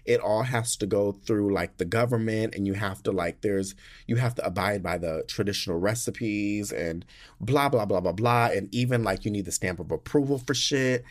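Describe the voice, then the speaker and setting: A young American man recapping his trip in a casual monologue, sassy and animated, swearing often and gushing with drawn-out words. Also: on the low side. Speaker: podcast host.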